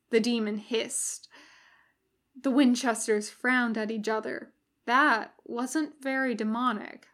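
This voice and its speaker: A woman reading fan fiction aloud as a podfic narrator, in an even storytelling manner. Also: fairly high pitch, slow pace. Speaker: podfic reader.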